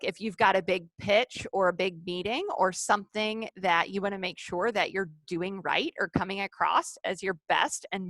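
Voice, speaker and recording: A woman's voice: medium pitch, a bit bright, no echo. A woman leading a live online training session over a video call, upbeat and coaxing the participants.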